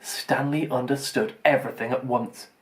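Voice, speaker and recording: A man reading a children's storybook aloud in an expressive, lively way. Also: medium pitch, moderate pace. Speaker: audiobook reader. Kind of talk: children's audiobook narration.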